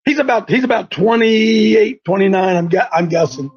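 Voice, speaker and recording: A man hosting a faith talk show, telling a story in an animated, stumbling, repetitive way. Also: high voice, moderate pace, slightly rough, lo-fi sound. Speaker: host.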